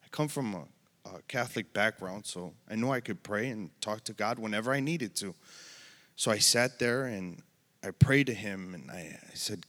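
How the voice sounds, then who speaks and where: A man giving an earnest, emotional personal testimony in church, halting at times. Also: fairly low pitch, a bit bright. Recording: long hall reverb.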